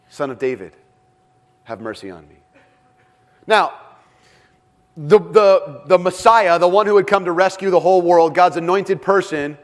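A man preaching a sermon as pastor, dramatic in delivery and often dropping to a hush for emphasis. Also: high voice. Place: church with several rooms.

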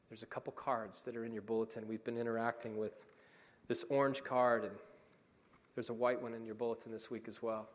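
A man of middle pitch delivers a sermon as a pastor, earnest and emphatic. His voice rings out through a church sanctuary, with a long reverb trailing every phrase. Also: level tone, brisk, a little hiss or hum.

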